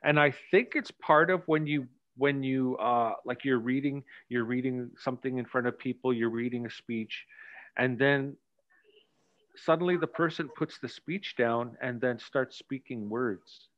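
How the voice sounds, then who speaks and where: A man's voice: mid-range voice, measured pace. A man coaching actors during a rehearsal, talking things through reflectively and telling stories from his own stage work. His voice comes through a dull, muffled video call. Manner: reflective, storytelling explanations. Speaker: director and acting coach.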